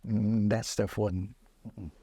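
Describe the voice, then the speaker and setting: An older man, a musician, telling stories from his career in a relaxed, laughing way on a podcast. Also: on the low side, slow, husky, no room sound. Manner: relaxed, laughing storyteller, acts out quoted voices. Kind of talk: casual storytelling chat.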